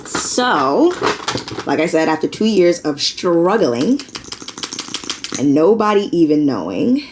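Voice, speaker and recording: A woman's voice: low-pitched, darkish tone, slight background noise. A young American woman vlogging, chatting candidly while doing her makeup. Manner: candid, conversational, many fillers and likes.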